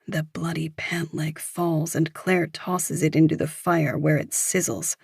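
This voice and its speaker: A woman narrating a thriller audiobook in a measured, even reading. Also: sits low, gravelly, breathy edge, no room sound, studio quality. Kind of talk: scripted narration.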